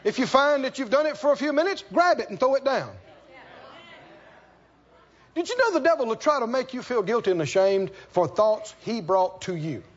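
High-voiced, lively male preacher. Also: moderate pace, lo-fi sound, some chatter behind. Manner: folksy, animated preaching with acted-out dialogues. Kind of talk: sermon.

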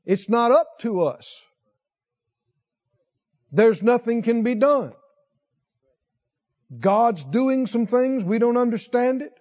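A man's voice: lively intonation, a little mellow, dull audio. A man preaching a sermon, reading scripture and questioning his congregation as he goes. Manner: slow, questions the congregation, rises in pitch when stressing points.

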